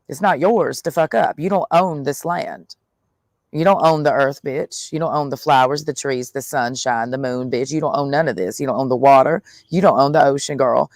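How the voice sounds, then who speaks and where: A man's voice: on the high side, vocal fry, dry recording, studio quality. A man in a blunt, profane monologue, speaking in the first person as God, full of slang and swearing. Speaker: vlogger.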